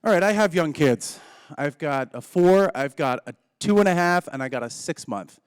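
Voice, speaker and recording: A man's voice: on the high side, lively intonation, normal speed, smooth, no echo, clean studio sound. A man in his thirties giving a conference keynote, telling jokes in a chatty storytelling way. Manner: joking, conversational storyteller. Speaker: keynote speaker.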